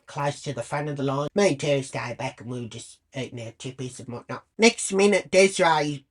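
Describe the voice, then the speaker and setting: A woman's voice: extremely low pitch, a little fast. A woman telling a crude, blunt comic story full of swearing. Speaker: comedy character storyteller. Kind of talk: comic monologue.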